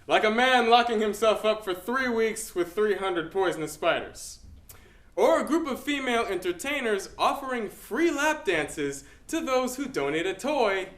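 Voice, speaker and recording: A young man introducing a dramatic interpretation piece in a deliberate, emphatic way, dropping to a hush on key words, on a stage in an echoey hall. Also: high voice, lively intonation. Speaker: speech team competitor.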